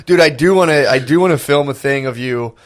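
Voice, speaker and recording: A man's voice: medium pitch, fairly quick. A man, co-hosting a podcast, loose and profane, saying "dude" a lot. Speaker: podcast co-host. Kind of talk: casual podcast banter.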